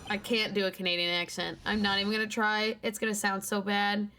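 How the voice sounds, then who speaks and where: A woman's voice: medium pitch, level tone, brisk, few pauses, pushed and bright. A woman streamer giving casual, joking commentary while playing. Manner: sarcastic and joking. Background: game music.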